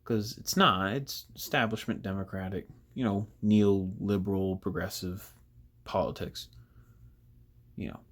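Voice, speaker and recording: A man's voice: on the low side, fairly even intonation, unhurried. A man hosting casual political commentary, sarcastic and rambling with frequent restarts.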